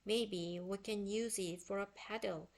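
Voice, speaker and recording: A woman's voice: mid-range voice, steady tone, unhurried, close to an everyday voice. A woman reading a storybook aloud, voicing a cautious, worried young boy in close to her own voice; her first language is Korean. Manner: fretful and practical.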